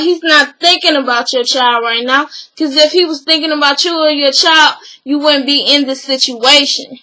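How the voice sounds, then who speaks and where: Bright, high-voiced woman recapping a show. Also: low-quality recording. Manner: animated, acts out quotes, laughs. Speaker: reality TV recap vlogger. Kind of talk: casual episode recap.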